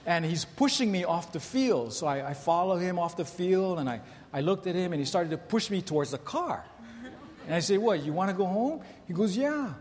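A man's voice: high-pitched, animated, moderate pace. A man in his thirties preaching a sermon, telling stories in a conversational way and asking the congregation rhetorical questions. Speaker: pastor. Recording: long hall reverb, faint ambience.

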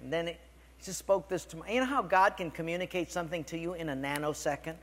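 A male pastor with a notably high voice preaches a sermon. He tells stories animatedly, breaking off to address the congregation directly. A long reverb trails his words through the hall. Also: fast talker. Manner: storytelling, animated, with asides to the congregation.

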